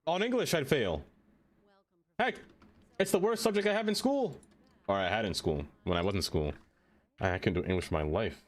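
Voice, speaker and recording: Playing a city-building game live, a young man speaks in a lowish, expressive voice at normal speed, sometimes leaving long pauses. He chats to the structures he places, laughs frequently, and has quiet music running underneath.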